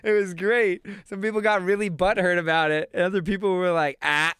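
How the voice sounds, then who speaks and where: A young man with a fairly high, crisp voice rattles through a funny story, packing in fillers and hamming up the quotes. He sounds close and dry, with no room around him. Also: fairly quick, no echo. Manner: animated, full of "like", acts out quotes and laughs while telling. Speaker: streamer telling a story. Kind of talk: casual storytelling with a friend.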